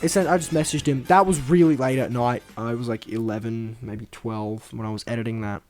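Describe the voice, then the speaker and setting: A young man giving a casual, rambling video commentary, self-deprecating and full of fillers, swinging between mumbling asides and excited bursts. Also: mid-range voice, fairly quick, faint music behind. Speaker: video creator.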